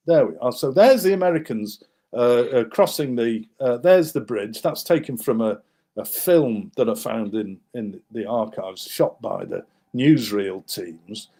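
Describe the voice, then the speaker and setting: A man's voice: medium pitch, a little slow. A man, guest author, animatedly recounting a wartime story while showing maps, with many fillers and restarts. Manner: animated, acts out the people in his story.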